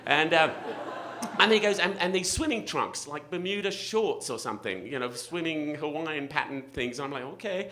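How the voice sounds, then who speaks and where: Middle-aged male storyteller, animated and self-deprecating, slightly high voice, live slam mic. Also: normal speed, a little hiss or hum. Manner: animated, self-mocking, laughs through lines. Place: restaurant event space with live audience.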